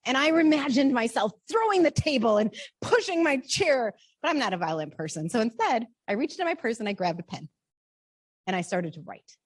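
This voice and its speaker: A woman author giving a library talk, telling her story with lively animation and questions to the audience. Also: on the high side, fairly quick, breathy edge. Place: library program room.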